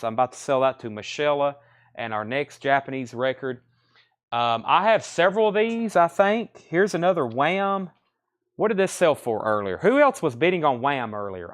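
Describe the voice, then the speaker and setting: This man's smooth voice sits on the high side. He has a Southern US accent and hosts a live record sale from a record store, calling out titles, grades and prices while musing out loud in live-stream sales patter.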